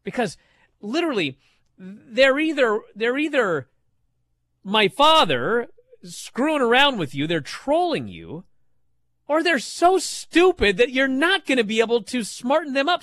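A man in his thirties co-hosting a radio talk show, telling stories in an animated way and asking rhetorical questions. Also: extremely high pitch, moderate pace, no room sound, clean studio sound.

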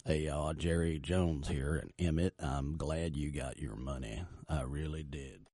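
A man's voice: extremely low pitch, steady tone, measured pace, warm tone, dry recording, studio quality, voice pushed down, exaggerated voice. A man putting on a Southern accent to voice an older Texan football team owner. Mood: folksy. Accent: Southern US, put on.

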